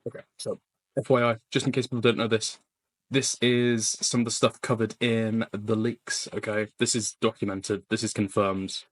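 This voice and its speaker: A man's voice: on the low side, little pitch movement, moderate pace, no echo. A man streaming his reaction to a debate, sarcastic and mocking, swearing often in casual commentary.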